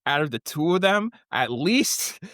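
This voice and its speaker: Male podcast co-host, fairly high voice, animated profane storyteller. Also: unhurried, no echo, studio quality. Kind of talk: casual chat recapping a show.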